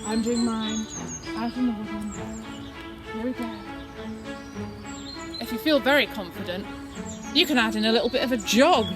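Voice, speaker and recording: A woman's voice: a little high, moderate pace, pauses often, over loud music. A woman leading a children's church lesson outdoors in woodland, talking to the kids in a playful, encouraging way. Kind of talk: children's activity lesson and storytelling. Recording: outdoor recording with birdsong behind.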